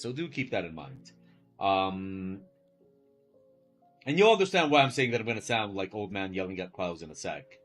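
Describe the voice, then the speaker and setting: A man's voice: mid-range voice, a bit bright. A man who teaches, chatting casually and with incredulity during a live art stream, rambling and swearing now and then.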